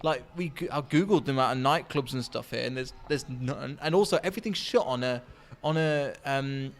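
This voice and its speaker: A man's voice: medium pitch, fairly quick. Chatty young Englishman, podcast host. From England. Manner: chatty, laughs easily, many restarts. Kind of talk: casual chat.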